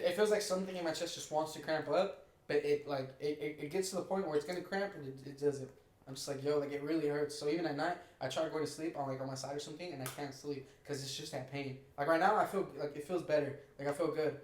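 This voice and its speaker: Young male co-host, rambling casual talker, slightly high voice, echoey room sound. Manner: rambling, laughs often, many filler likes. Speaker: podcast co-host. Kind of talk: casual chat. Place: room at home.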